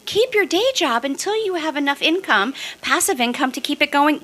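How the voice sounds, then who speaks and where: Chatty, bright-voiced Midwestern woman. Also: sits high, moderate pace, few pauses, rough recording. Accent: St. Louis. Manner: animated storytelling with lots of restarts. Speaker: real estate investor guest. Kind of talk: casual podcast interview.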